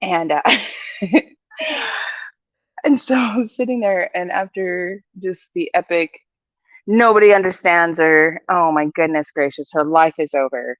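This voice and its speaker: A woman in her forties telling a family story in casual chat, lively and quick to laugh. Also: on the low side, dry recording, muffled recording. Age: 40s. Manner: animated, laughs often.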